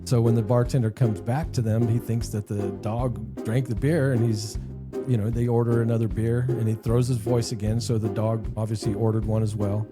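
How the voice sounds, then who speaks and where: A man's voice: lowish voice, flat delivery, normal speed, over loud music. A man co-hosting a podcast, telling a rambling joke and leading casual chat. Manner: rambling storyteller, laughs at own jokes. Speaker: podcast co-host.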